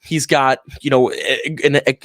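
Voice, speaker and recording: A man co-hosting a casual sports talk show, excitable and animated in his storytelling, with plenty of restarts. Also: medium pitch, a little slow, no echo, clean studio sound. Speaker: co-host.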